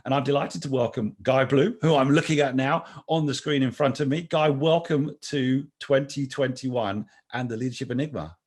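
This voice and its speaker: Man, podcast host, husky, chatty banter, mid pitch. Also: normal speed, hardly any pauses, a little mellow. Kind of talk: conversational interview.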